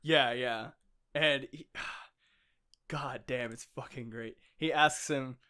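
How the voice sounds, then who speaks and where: A man co-hosting a podcast in casual chat, excitable and laughing often, swearing freely and acting out the lines he retells. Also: mid-range voice, slow, pauses often, smooth. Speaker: podcast co-host.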